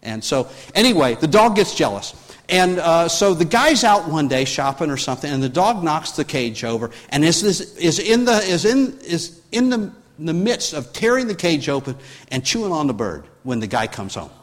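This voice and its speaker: High lively male preacher in a reverberant hall. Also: moderate pace. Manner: rambling storytelling with many restarts, rising in force when preaching. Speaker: pastor. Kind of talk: sermon.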